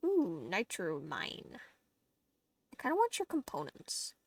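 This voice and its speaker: A woman's voice: medium pitch, huge pitch swings, slow, vocal fry, no room sound. A woman streaming a game, chatting casually to her viewers, giggly and talkative as she plays. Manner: chatty, giggly, talks to herself and chat while playing. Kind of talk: casual gameplay livestream chat.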